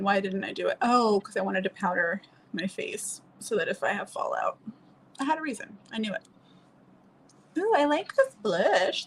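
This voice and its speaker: A woman's voice: medium pitch, gravelly, slightly rough, poor audio. A young woman from New Orleans chatting casually and laughing while she does her makeup on a stream. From New Orleans, USA.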